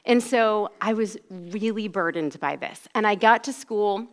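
A woman's voice: mid-range voice, a little slow. A woman in her forties telling a personal faith story in a casual, conversational way, filling her speech with "like.". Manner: conversational, heavy use of "like". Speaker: speaker giving a personal testimony.

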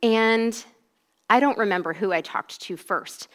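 A woman in her forties shares a personal faith testimony in a mid-range, unhurried voice. She keeps it casual and conversational, peppering her speech heavily with "like."

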